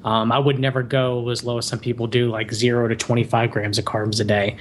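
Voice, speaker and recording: Man explaining at length, mid-pitched. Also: level tone, fairly quick, slight background noise. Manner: explanatory, talks in long winding runs. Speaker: guest. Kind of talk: casual chat.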